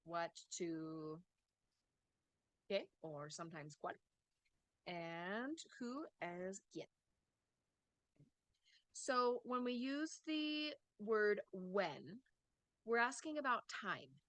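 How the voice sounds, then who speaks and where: A woman teaching English speaks slowly and patiently, often pausing to check that her students follow. Her voice is bright and a little low, and the sound is dry and close. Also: expressive, dry recording. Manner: slow, patient explaining with frequent "okay?" checks. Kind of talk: online English lesson.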